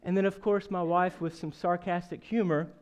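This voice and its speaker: A man in his thirties preaching a sermon as pastor, earnest and storytelling, rising to emphatic questions and then going quiet. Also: high voice, steady tone, normal speed. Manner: earnest, builds to emphatic rhetorical questions, then drops soft; storytelling with self-deprecating humor.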